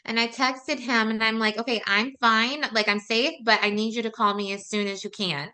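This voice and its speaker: Bright, chatty woman. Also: a little high, normal speed. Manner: chatty, animated, many "like" fillers and laughs. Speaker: podcast host. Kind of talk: casual storytelling chat.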